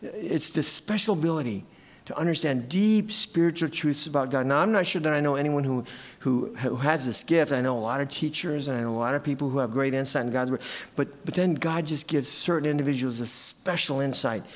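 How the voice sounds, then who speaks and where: A man preaching a sermon as pastor in a church, animated and at times shouting out cheers. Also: mid-range voice, fairly quick. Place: church sanctuary.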